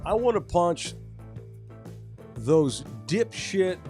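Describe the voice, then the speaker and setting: A man's voice: high-pitched, sing-song, extremely slow, a little mellow, faint music behind. A man co-hosting a sports podcast, ranting casually with lots of profanity. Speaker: podcast co-host.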